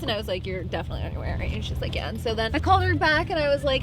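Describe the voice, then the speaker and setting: Young woman, high and lively vlog storyteller, outdoor traffic noise. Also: very fast. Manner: animated, swearing, acts out voices. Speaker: vlog host. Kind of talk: casual storytelling to camera.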